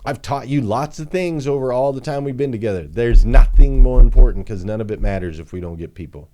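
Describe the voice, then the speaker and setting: Brief: male dealership coach, mid-pitched voice, punchy and emphatic, repeats points for effect. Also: fairly quick, mellow. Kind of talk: motivational business training talk.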